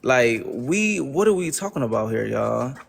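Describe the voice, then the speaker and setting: A man's voice: medium pitch, very animated, unhurried, creaky, slight background noise. A young man hosting a livestream, ranting to his chat in casual slang and repeating exasperated rhetorical questions. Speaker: livestream host.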